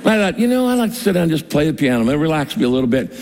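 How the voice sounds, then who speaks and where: A man's voice: fairly high pitch, big pitch swings, very fast, vocal fry, darkish tone. A male pastor preaching a sermon, telling a personal story with emphatic, storytelling delivery. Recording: long hall reverb.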